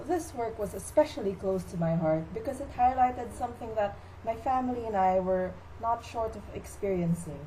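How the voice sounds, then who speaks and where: A woman's voice: medium pitch, warm tone, a little hiss or hum, poor audio. A teenage girl presenting a school project skit, playing a famous playwright in her own voice with a cheeky, jokey manner. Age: teens. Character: playful playwright recounting his life. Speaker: student presenter.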